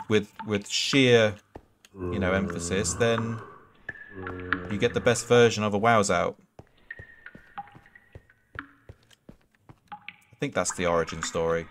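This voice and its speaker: A man's voice: lowish voice, fairly bright tone, slight background noise. A man streaming a game live, chatting casually and rambling through answers to viewer questions. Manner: casual, swears freely. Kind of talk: live gameplay commentary and chat.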